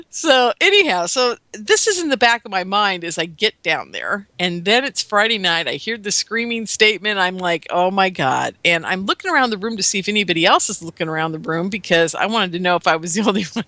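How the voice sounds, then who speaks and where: A woman's voice: medium pitch, lively intonation, brisk, sharp tone, dry recording. A woman in her fifties telling a long personal story as a radio interview guest, chatty, often laughing and acting out the dialogue she recalls.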